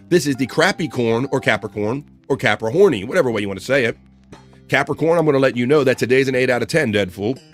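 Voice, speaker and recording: A man hosting a live online show in casual talk, joking as he reads out chat messages and horoscopes. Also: a little high. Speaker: host.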